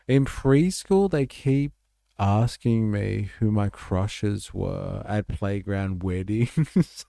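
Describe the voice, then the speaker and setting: A man's voice: fairly low pitch, creaky, dark tone, no echo, clean studio sound. A man hosting a live stream, chatting casually and reacting to clips with swearing and laughter. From Australia.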